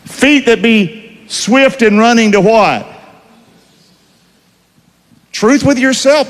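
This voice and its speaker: A man's voice: extremely high pitch, slow, long pauses. A man preaching a sermon, emphatic, with call-and-response questions to the congregation. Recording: long hall reverb.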